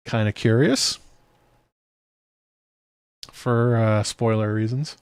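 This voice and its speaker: A man hosting a casual show breakdown, talking it through out loud with fillers and restarts as he reads comments from a live chat. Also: mid-range voice, slow, smooth, no echo, studio quality. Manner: chatty, thinking aloud with fillers and restarts. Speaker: show host.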